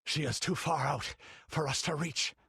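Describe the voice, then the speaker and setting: A man's voice: on the high side, animated, moderate pace, gravelly, a bit bright, breathy edge, no room sound, studio quality, pitched above the performer's own voice, heavily acted. A man voicing a hardened buccaneer in an audiobook, panting and breathless.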